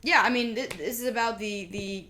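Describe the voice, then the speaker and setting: A woman's voice: a little high, moderate pace, bright, forceful tone, slight background noise. Dry, sarcastic woman podcast co-host. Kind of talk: casual chat.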